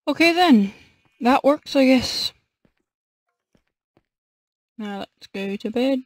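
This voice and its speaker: A woman's voice: high-pitched, animated, slow pace, no room sound. A woman casually commenting on her own gameplay, muttering to herself in a playful, silly way. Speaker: gaming channel host.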